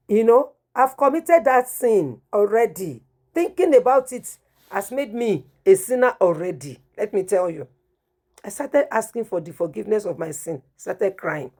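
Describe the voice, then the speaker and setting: A woman's voice: medium pitch, expressive, measured pace, a little mellow, slightly rough. A middle-aged woman giving a testimony sermon, telling her story and acting out the dialogue with strong emotion. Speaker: preacher.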